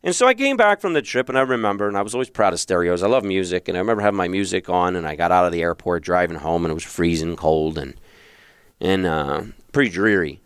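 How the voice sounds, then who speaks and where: A man hosting a show and telling his own story in a relaxed monologue, with many restarts and with past thoughts acted out in a raised voice. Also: low voice, quick pace, clear, resonant tone, no echo, studio quality. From Philadelphia. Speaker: podcast host and relationship coach.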